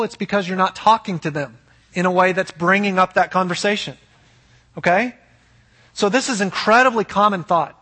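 A man's voice: sits high, bright, forceful tone, long reverb tail. A man preaching a sermon as pastor, earnest and emphatic, asking rhetorical questions.

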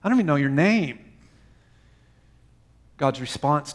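A man delivering a sermon in a somewhat high voice. He presses hard on key words, then drops to a near hush, and leans into a slow, deliberate delivery. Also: expressive. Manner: dynamic preaching, dropping to soft quiet phrases. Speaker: pastor.

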